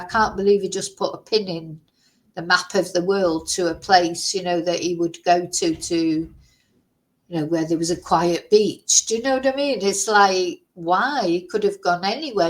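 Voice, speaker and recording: A woman's voice: mid-range voice, poor audio. A woman vlogger in casual chat, thinking aloud and musing through lots of rhetorical questions.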